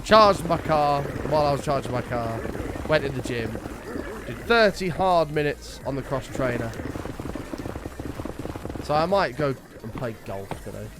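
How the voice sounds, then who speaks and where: A man's voice: medium pitch, expressive, a little slow, long pauses, noisy background. A man chatting casually to his stream audience, telling a rambling story with a lot of swearing. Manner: rambling anecdote, frequent swearing.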